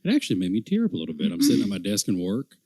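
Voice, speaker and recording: A middle-aged man co-hosting a podcast in casual chat, rambling and animated, with many fillers and restarts. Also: lowish voice, very fast, no echo. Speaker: podcast co-host.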